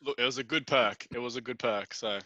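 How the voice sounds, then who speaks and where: A man's voice: medium pitch, fairly quick, bright, forceful tone, lo-fi sound. A man from Australia, a fitness coach, chatting as a podcast guest in a laid-back, easygoing way. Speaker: guest, strength and conditioning coach. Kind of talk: casual chat.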